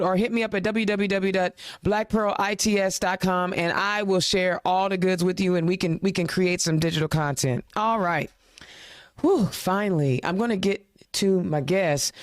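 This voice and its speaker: A woman's voice: mid-range voice, no room sound. Impassioned woman host, dry close sound. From Indiana. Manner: impassioned, ranting, rhetorical questions; chatty, informal. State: a little choked up. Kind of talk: political talk show rant.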